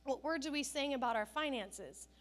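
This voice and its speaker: A woman's voice: sits high, expressive, normal speed. A woman pastor preaching a conversational sermon, telling stories with self-deprecating humor.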